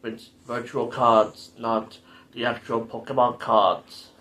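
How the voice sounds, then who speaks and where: A man hosts his own gaming playthrough video with casual commentary that's rambling, jokey, and self-deprecating. His mid-range voice has a level, sharp tone, and he speaks slowly.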